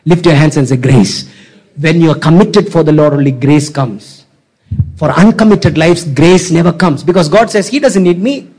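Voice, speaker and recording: Man, pastor, sermon, exhorting, repetitive, slightly high voice. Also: normal speed, darkish tone. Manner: exhorting, repetitive, calls for audience response.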